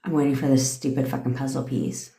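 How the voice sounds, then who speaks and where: A woman's voice: a bass voice, level tone, brisk, mellow, reverberant. A woman coaching viewers on a casual livestream, blunt and profane, laughing often. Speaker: manifestation coach. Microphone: phone or webcam.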